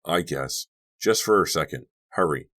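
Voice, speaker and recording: Angry teen babysitter girl, read by a man, deep-voiced, clipped and insistent, audiobook. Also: expressive, unhurried, exaggerated voice. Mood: tense. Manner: sharp, insistent. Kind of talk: audiobook character voice.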